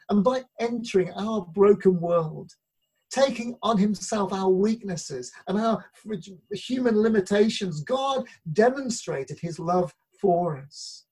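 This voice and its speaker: An earnest preacher delivers a sermon with a husky, breathy voice at a middling pitch. They slow down deliberately whenever they read scripture. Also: a little mellow, rough recording.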